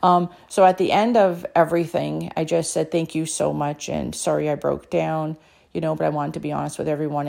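Emotional woman with a gravelly voice. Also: low voice, mellow. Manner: emotional, tearful at times, earnest and encouraging. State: dry mouth, emotional. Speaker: author and speaker sharing a personal story. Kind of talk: emotional personal storytelling.

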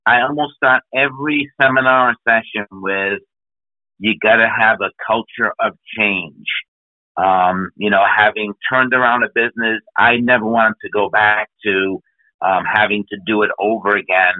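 A man's voice: on the low side, normal speed, no echo. Enthusiastic man on a phone-like line. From New England. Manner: enthusiastic, storytelling, list-like. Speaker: podcast guest, business speaker. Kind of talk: conversational interview. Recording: phone-like narrow band.

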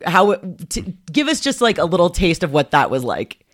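A woman who co-hosts a podcast as a lawyer, chatting and reading a scripted outro in a measured way. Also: lowish voice, very animated. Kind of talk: casual chat and scripted outro.

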